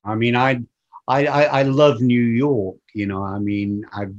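Middle-aged northern English man, faded Lancashire accent, halting and reflective guest, lo-fi sound. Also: medium pitch, fairly even intonation. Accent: Lancashire, softened by decades in America. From northern England. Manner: reflective, halting, repeats words when starting. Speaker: guest musician. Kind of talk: casual interview chat. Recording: muffled lo-fi audio.

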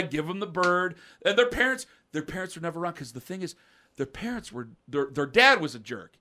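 A middle-aged man on a podcast, telling rambling stories in a casual, animated way. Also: a little high, brisk. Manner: rambling, animated storyteller with mocking quoted voices. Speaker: podcast co-host. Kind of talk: casual storytelling chat.

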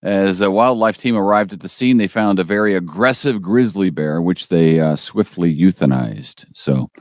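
A man's voice: deep voice, animated, moderate pace, no room sound, studio quality. A man co-hosting a casual local news show, easygoing and teasing, with frequent fillers.

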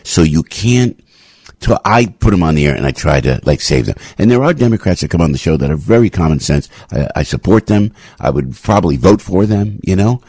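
Low, husky talk radio host. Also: male voice, expressive, fairly quick, darkish tone, no room sound. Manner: rambling, impassioned, frequent restarts and sudden pitch jumps. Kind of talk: opinionated talk radio monologue.

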